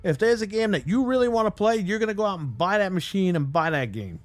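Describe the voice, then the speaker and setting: A man with a fairly high voice delivers a heated, profane rant on a live stream. He talks bluntly and mocks the voices of the people he is complaining about. Faint music plays behind him. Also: animated, quick pace, no echo. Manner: angry, blunt and heavily profane, mocking voices he quotes.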